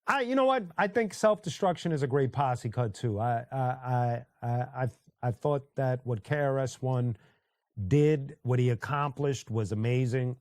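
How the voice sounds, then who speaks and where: A man's voice: medium pitch, moderate pace, a little mellow, dry recording, clean studio sound. A man hosting a casual livestream, talking loosely with lots of fillers and restarts and greeting chatters by name. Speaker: livestream host reading chat. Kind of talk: casual chat.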